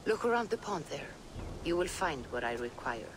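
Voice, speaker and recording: A man playing a wise village seer in a video game, speaking in a measured, solemn way. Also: a little high, sing-song, background noise. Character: wise male village seer, brewing elixirs.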